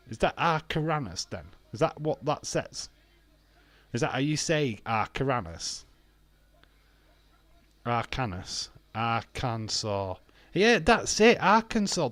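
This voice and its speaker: British streamer, slow and bantering. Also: male voice, a little high, dry recording. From Britain. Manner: laughs often, argues playfully over spelling, swears. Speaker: watch-along streamer reading chat. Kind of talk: casual live-stream chat.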